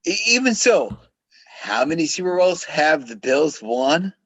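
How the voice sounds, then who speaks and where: A man's voice: on the high side, sing-song, measured pace, a bit bright, husky, no echo. A man talking as a podcast guest in casual chat, blunt and mocking, with lots of swearing.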